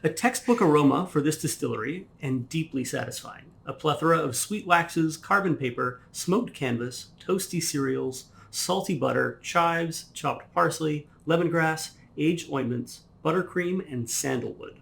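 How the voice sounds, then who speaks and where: A man co-hosting a whisky tasting, briskly reading out tasting notes. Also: a little high, creaky, a bit bright.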